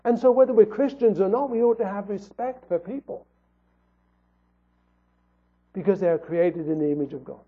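A man's voice: sits high, normal speed, pauses often, breathy edge. A man preaching a sermon in an earnest tone, asking rhetorical questions. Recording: tinny phone-like audio.

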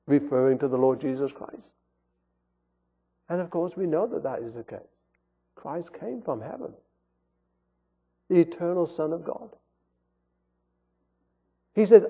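Through tinny, phone-like audio drenched in long hall reverb, a man preaches an earnest sermon with rising and falling emphasis. This pastor's voice is a little high, animated, creaky, and husky, and he speaks unhurriedly with long pauses.

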